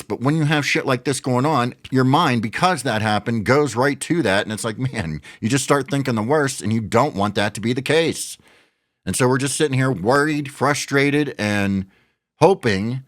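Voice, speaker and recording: A man's voice: mid-range voice, no room sound, clean studio sound. A middle-aged man ranting in frustration about wrestling news, swearing often as he vents. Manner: frustrated, profane venting. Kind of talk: ranting commentary.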